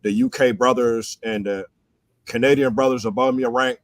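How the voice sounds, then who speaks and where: A man's voice: medium pitch, steady tone, normal speed, no room sound. Guy talking earnest, lots of uh, mid voice, dry sound. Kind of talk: casual chat.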